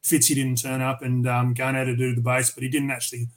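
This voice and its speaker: A man's voice: mid-range voice, monotone, quick pace, rough recording. Casual, swearing Australian man. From Tasmania, Australia. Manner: profane, rambling anecdotes with many restarts. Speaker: podcast guest, metal vocalist. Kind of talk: casual storytelling interview.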